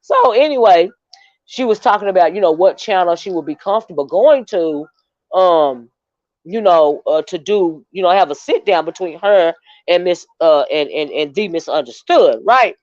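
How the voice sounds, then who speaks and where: A woman's voice: fairly low pitch, expressive, normal speed, a little mellow, no echo. Woman streamer, chatty rambling storyteller, muffled lo-fi home mic. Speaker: livestream host. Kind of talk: casual livestream commentary. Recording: dull, dry lo-fi stream audio.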